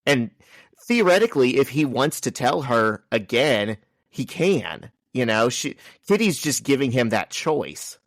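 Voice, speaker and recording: On a casual comic-book podcast, a male co-host argues his take on the characters, defending them. His medium-pitched voice is very animated yet unhurried, with no echo.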